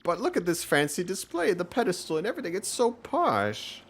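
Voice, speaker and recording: A man's voice: sits high, sing-song, brisk, a bit bright, voice pushed up, exaggerated voice. A man doing a blustering posh villain. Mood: indignant.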